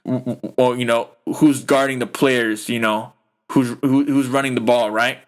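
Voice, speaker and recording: A man's voice: mid-range voice, steady tone, normal speed. A young man hosting a podcast, ranting about a football game in a heated, profane, rambling way full of fillers. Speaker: podcast host. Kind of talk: casual sports rant.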